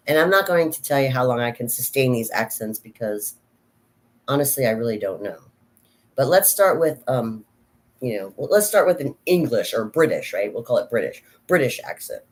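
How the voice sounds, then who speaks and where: A woman's voice: rumbling low, animated, normal speed. A middle-aged American woman chatting casually in a vlog about acting, rambling with many restarts and asides. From United States. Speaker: vlogger, actor. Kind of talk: casual chat.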